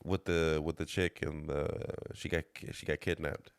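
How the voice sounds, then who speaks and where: A man's voice: normal speed, vocal fry, smooth, dry recording. A young man co-hosting a comedy podcast, talking loosely and jumping into put-on voices for jokes. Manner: animated, jumps into squeaky put-on voices for jokes. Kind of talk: casual comedic chat.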